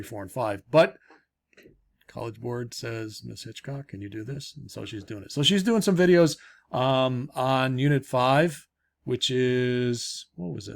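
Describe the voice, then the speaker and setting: Chatty, rambling man teaching from home. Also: mid-range voice. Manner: chatty, rambling, wry asides. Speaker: high school AP Government teacher. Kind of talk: casual recorded lesson update. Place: home, upstairs room.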